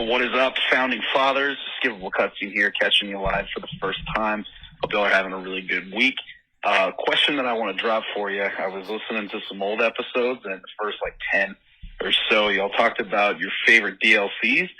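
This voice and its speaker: A man's voice: fairly low pitch, pushed and bright, breathy edge. A man leaving a friendly, laid-back voicemail question for a podcast. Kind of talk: casual voicemail message. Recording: lo-fi phone voicemail.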